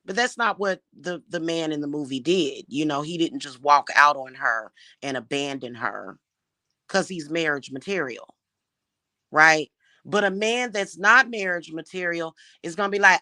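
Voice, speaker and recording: A woman's voice: fairly low pitch, measured pace, bright, forceful tone, dry recording, clean studio sound. A woman giving blunt love advice in a casual monologue, emphatic and swearing freely.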